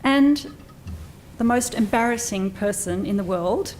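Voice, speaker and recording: A woman moderating a panel, briskly introducing each speaker with light jokes in a room with an audience. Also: a little high, darkish tone, slight background noise.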